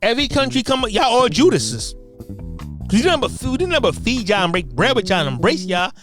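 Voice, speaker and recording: An American speaker delivering a loud, profane, combative rant that keeps repeating its points. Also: mid-range voice, sing-song, fairly quick, over music. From United States. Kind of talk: ranting monologue.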